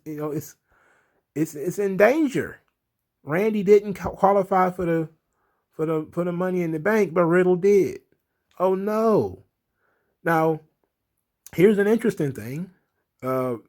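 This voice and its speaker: Rambling, exasperated vlogging man. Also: mid-range voice. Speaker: wrestling commentary vlogger. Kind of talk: casual recap and commentary.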